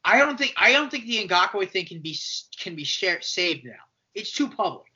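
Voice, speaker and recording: A man co-hosting a casual sports podcast, animated and argumentative, acting out quoted voices as he makes his point. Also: high voice, moderate pace. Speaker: podcast co-host. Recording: dull lo-fi podcast audio.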